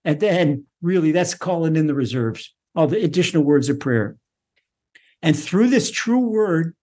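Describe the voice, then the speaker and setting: A man teaching a Torah lesson as a rabbi, fervent and repetitive, rising in pitch to press each point home. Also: warm tone, husky. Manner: fervent, repeats key phrases, climbs higher in pitch to stress a point. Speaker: rabbi teaching a weekly class.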